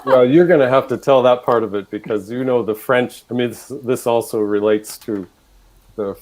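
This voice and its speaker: A man, a composer, chatting on stage about writing a piece, halting and searching for words. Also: mid-range voice, a little mellow, rough recording. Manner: hesitant, full of fillers and restarts. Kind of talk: casual onstage chat.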